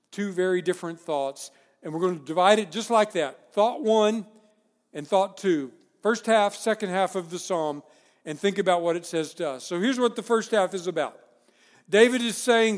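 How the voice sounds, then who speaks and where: A man with a high-pitched voice preaches a sermon, rising to loud emphatic declarations and dropping to low, quiet phrases. His voice rings out with the long reverb of a large hall. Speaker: pastor.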